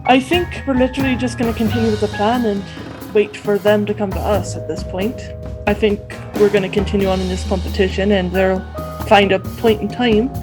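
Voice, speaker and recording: Woman, tabletop player, casual, thinking aloud, middle pitch, music clearly behind. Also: fairly even intonation, fairly quick, poor audio. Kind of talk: tabletop role-play chat.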